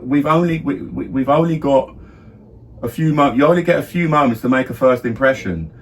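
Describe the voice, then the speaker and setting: A man's voice: medium pitch, a little fast, slight background noise. A middle-aged man from around London talks in his own plain London accent, with a mid-range voice. He rambles through casual podcast chat, restarting sentences and checking in with "do you know what I mean". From London area, England. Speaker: podcast co-host, father.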